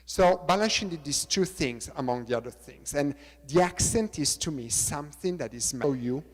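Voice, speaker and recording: A middle-aged man with an Italian accent, a choreographer lecturing on dance technique, halting and repeating words, counting beats aloud. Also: on the high side, expressive. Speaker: choreographer giving a talk. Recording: reverberant lecture hall.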